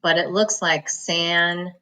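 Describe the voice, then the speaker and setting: A woman teaching a reading lesson, slowly sounding out words and syllables and pausing for the listener to repeat them. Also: fairly low pitch, pushed and bright. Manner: slow, patient enunciation of words and syllables; repeats each word for the listener to echo. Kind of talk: phonics lesson, slow and clear.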